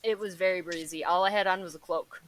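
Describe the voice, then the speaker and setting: A woman playing in a tabletop game, chatting casually and getting excited. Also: lowish voice, fast. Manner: excitable and animated. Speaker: player.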